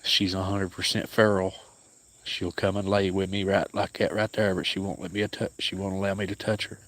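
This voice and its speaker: A man with an Appalachian accent, hosting a casual livestream outdoors and speaking softly to viewers by name. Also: deep voice, level tone, brisk. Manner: soft-spoken, grieving, talks to viewers by name. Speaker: cat sanctuary livestream host.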